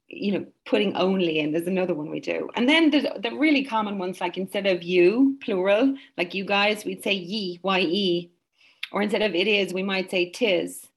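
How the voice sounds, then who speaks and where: A woman's voice: fairly low pitch, husky. A woman with an Irish accent, an author chatting enthusiastically as a guest, full of asides. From Ireland. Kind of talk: casual chat.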